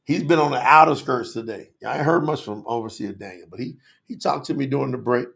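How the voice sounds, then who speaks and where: A man hosting a live faith-community stream, talking passionately and excitably to viewers and calling out people by name. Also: mid-range voice, brisk, vocal fry. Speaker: livestream host. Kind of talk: lively livestream talk to chat viewers.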